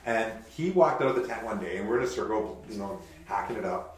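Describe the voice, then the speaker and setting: A man, a podcast guest telling animated stories in casual chat. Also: on the low side, fast talker, a little hiss or hum. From Kamloops, Canada. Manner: animated anecdote teller. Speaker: podcast guest, pro mountain biker. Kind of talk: casual storytelling. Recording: echoey room.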